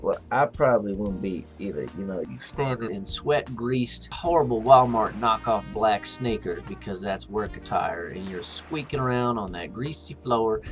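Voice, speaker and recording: A man's voice: mid-range voice, fairly bright tone. A man reading customer reviews aloud and mocking them with sarcastic comedy, sliding into silly voices.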